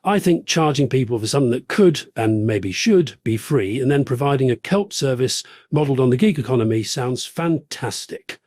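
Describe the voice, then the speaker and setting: A pompous jet-setting podcast host played by a man, smug and rambling as he drops big names and brags about his money. The voice sits at an ordinary middle pitch. The sound is dry and close, with no room around it. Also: expressive, moderate pace, few pauses, a little mellow, no room sound, lightly acted. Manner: boastful, name-dropping, rambling. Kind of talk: satirical podcast parody.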